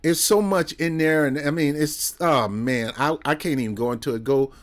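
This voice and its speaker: A man's voice: a little high, moderate pace. A male commentator speaks in loose, heated stretches, circling back with rhetorical questions and sarcastic jabs. His voice sits a little above the usual male range. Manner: heated, rambling, with sarcastic asides. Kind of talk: casual political commentary.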